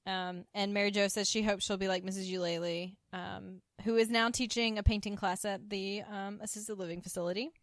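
A woman's voice: medium pitch, a little fast, hardly any pauses, dry recording. A woman, co-hosting a podcast and eagerly retelling a TV episode in casual chat. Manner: animated retelling, acting out characters' lines. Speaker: podcast co-host.

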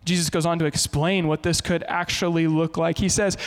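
A man in his thirties preaching a sermon as pastor, animated and mixing in humorous stories. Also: fairly high pitch, fairly quick, hardly any pauses.

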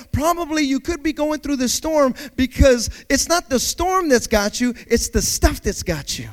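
A man's voice: extremely high pitch, animated, normal speed, few pauses. A man preaching a sermon and telling a personal story, speaking directly to his congregation with dramatic delivery and playful sound effects.

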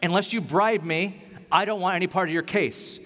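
A man voicing a corrupt, arrogant male judge who brushes everyone off, loud and scornful. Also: high voice, moderate pace. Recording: echoey hall.

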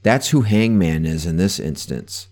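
A young man co-hosting a casual movie podcast, animated and quick to laugh, who often jumps in to interrupt. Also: low-pitched. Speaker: podcast co-host.

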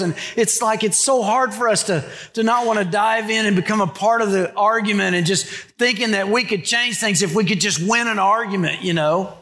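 A man's voice: high voice, bright, forceful tone. A middle-aged man, a pastor preaching a sermon in a conversational way and acting out the quotes.

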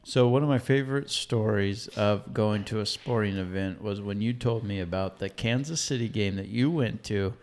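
A man co-hosting a podcast, chatting casually and throwing in quick jokes. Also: fairly low pitch. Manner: quick jokey interjections. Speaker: podcast co-host. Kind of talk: casual chat.

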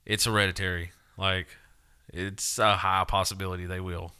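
Profane, blunt young man, bright voice. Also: low voice, level tone, normal speed, clear, resonant tone. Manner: profane, blunt, laughing storyteller. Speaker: podcast co-host. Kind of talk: crude casual podcast banter.

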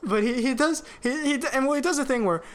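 A man chatting casually as a podcast co-host, animated and swearing freely while he reviews a show. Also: extremely high pitch, fast.

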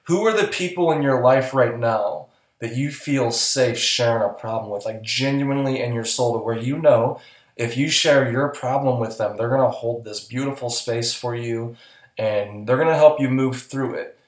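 A man's voice: medium pitch, normal speed, echoey room. A man co-hosting a casual podcast, talking in an earnest, coaching way and speaking bluntly, with the odd swear word. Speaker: podcast co-host.

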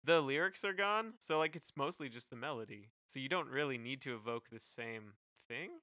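A young man chatting casually as a podcast co-host, his voice bright and smooth. He hedges and restarts often, and the recording is dry and close. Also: mid-range voice, animated, moderate pace, dry recording. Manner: hesitant, many fillers and restarts. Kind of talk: casual chat reviewing music.

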